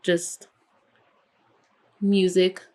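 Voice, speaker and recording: Young woman telling a lively story. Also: fairly low pitch, very slow. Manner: animated, swears freely, acts out quoted voices. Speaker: podcast co-host. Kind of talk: casual storytelling chat.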